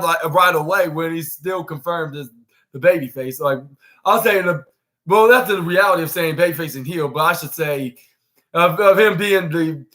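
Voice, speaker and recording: A man's voice: sits high, bright, forceful tone. A young man hosting a podcast, recapping wrestling in a rambling casual way, full of fillers and acted-out quotes. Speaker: podcast host.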